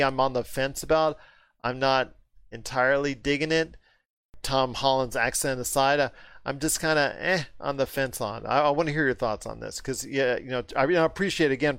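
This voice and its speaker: A man's voice: medium pitch, vocal fry, fairly bright tone, smooth, no echo. A man hosting a casual movie discussion, emphatic and prone to repeating his point when worked up.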